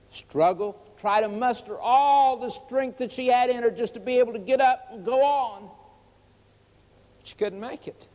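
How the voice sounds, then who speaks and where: Male evangelist, higher-pitched, emphatic and pleading sermon delivery, recorded in a reverberant church hall. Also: darkish tone. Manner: earnest storytelling, pleading and emphatic. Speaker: evangelist preacher. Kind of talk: evangelistic sermon with story and prayer. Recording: long reverb of a large hall.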